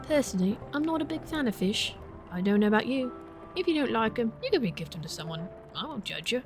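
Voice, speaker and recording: A woman's voice: fairly high pitch, sing-song, fast, over music. A woman voicing Beryl, a cheerful young animal girl from the docks in a farming game, chirpy and friendly.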